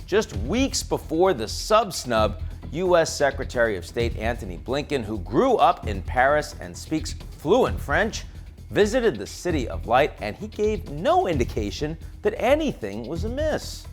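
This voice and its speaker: Wry, animated male show host. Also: fairly high pitch, unhurried, soft background music. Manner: wry, sardonic, emphatic delivery. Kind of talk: scripted commentary monologue.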